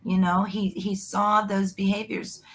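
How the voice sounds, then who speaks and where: A woman's voice: mid-range voice, level tone, measured pace, a bit bright. A woman psychic giving a live online reading in a chatty, rambling way, and calling the listener "honey".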